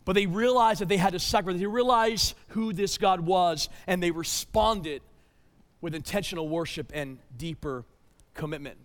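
A man with a high, ringing voice preaches a sermon, pressing his points with urgency and then dropping to a hush. He stumbles into repeated words as he restarts a thought. The sound carries the long reverb of a large church hall. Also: normal speed. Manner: emphatic, swings between loud urgency and hushed tones. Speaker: pastor.

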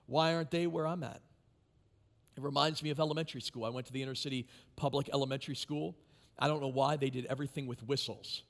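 Gravelly, high-pitched male preacher. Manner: animated preaching, emphatic repetition. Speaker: pastor. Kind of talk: sermon.

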